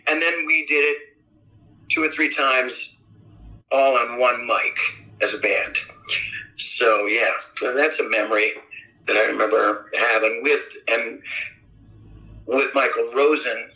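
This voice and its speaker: A man being interviewed as a rock singer, telling stories in a casual, animated way and acting out quotes with big jumps in pitch. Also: slow, long pauses, poor audio. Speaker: rock vocalist guest. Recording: radio interview audio.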